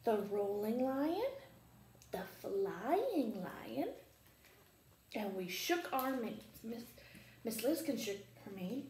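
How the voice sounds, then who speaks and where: A playful woman librarian reads a children's picture book, asking the children questions as she goes. Her voice sits a little high and swings widely in pitch. The library room is echoey, with a faint hum behind her. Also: very animated, takes it slowly, long pauses, darkish tone. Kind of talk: children's storytime reading.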